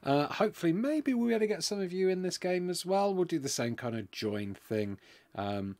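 A man's voice: sits high, expressive, brisk, darkish tone. A man hosting a live game stream in casual chat, rambling and apologetic with lots of filler words, from a home gaming setup.

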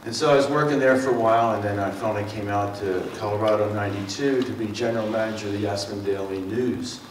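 A middle-aged Mid-Atlantic man with a Philadelphia and South Jersey accent, speaking for a water district, gives a public talk to a community forum. He's folksy and rambling, full of fillers and self-corrections, talking fast in a lowish voice with fairly even intonation. He stands far from the mic in an echoey meeting room, over a faint room hum.

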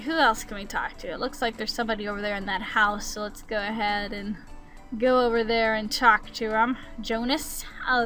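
A woman with a bright, forceful voice gives casual play-by-play of a video game and chats back at the characters. Her voice sits a little high. Soft game music plays behind her. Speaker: gaming channel host. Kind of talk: casual gameplay commentary.

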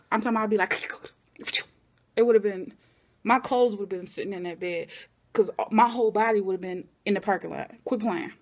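Animated woman recapping a TV episode. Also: mid-range voice, brisk. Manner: animated, talks back at the characters. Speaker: TV recap vlogger.

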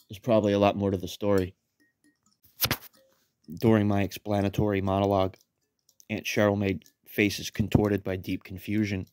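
A man in his thirties narrating a story in a deadpan, wry, profane way. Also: on the low side, no room sound. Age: 30s.

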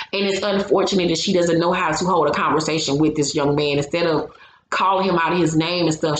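A woman giving a casual, blunt and opinionated recap of a reality show, with salty language. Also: on the low side. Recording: roomy echo, faint background hum.

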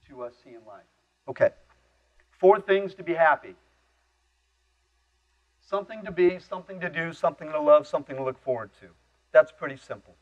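A man's voice: a little high, a bit bright, muffled recording. Folksy man telling army stories. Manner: folksy, plain-spoken, laughs at his own stories. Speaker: conference speaker. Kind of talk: storytelling keynote talk. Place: conference stage.

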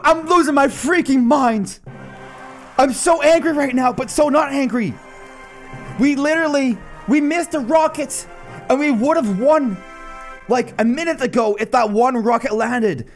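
A man giving live commentary over his own mobile game matches, casual and excitable, often breaking into loud disbelieving shouts. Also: very high-pitched. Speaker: gaming channel host.

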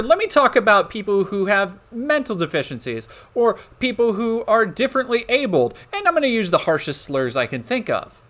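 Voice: medium pitch, bright, forceful tone. A streamer reacting live to a comedy clip, profane, scornful and sarcastic.

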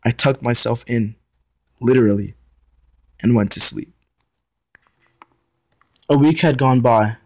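A man's voice: medium pitch, slow pace, pauses often, no room sound. Young man reading a story aloud. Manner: steady first-person narration. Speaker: student reader.

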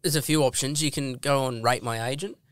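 A man's voice: medium pitch, steady tone, fairly quick, clean tone, no room sound, clean studio sound. An Australian man who works as a real estate agent, a podcast guest telling stories bluntly and swearing freely. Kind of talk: casual podcast interview.

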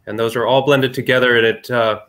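A man explains a wine blend step by step at an ordinary pitch. His delivery is measured and informative, like a maker describing his craft. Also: fairly even intonation, a bit bright.

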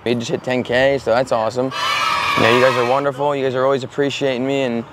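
Male prank vlogger, rapid teasing patter, mid-pitched voice. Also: level tone, heavy background noise. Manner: playful, teasing banter. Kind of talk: casual vlog and street pranks.

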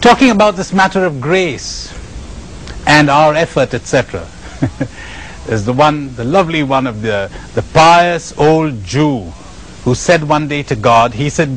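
A man with an Indian accent giving a spiritual lecture, telling stories emphatically with dramatic pauses and chuckles. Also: a little high, animated, slight background noise, rough recording. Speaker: spiritual retreat speaker.

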